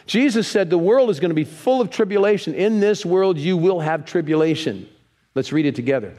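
A man preaching a sermon in a church, lively, leading the congregation in reading scripture aloud. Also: on the high side, moderate pace, slight background noise. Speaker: pastor. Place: church sanctuary. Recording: long reverb of a church hall.

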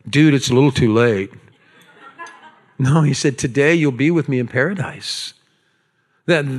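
A man preaching a sermon to a congregation in a church, animated and conversational, with asides to the people in the room. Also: medium pitch. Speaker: pastor. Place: church sanctuary.

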